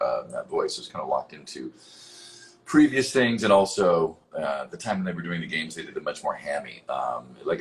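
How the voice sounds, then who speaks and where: A man's voice: extremely low pitch, fairly bright tone, a little hiss or hum, rough recording. A man who is a voice actor answering fan questions in a casual live-stream Q&A from home, rambling with lots of fillers and casual swearing.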